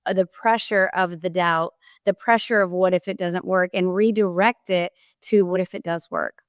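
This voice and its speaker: A woman talking as a podcast guest, explaining her coaching ideas in an energetic, motivational way. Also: fairly low pitch, normal speed, dry recording, clean studio sound. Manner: energetic, coaching tone with vivid examples. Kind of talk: motivational interview talk.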